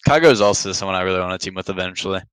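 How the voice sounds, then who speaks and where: A man on a podcast as the guest, chatting casually and trailing off into quiet mumbles. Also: low voice, racing, clear, resonant tone, no echo, low-quality recording. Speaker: podcast guest, pro esports player. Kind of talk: casual chat.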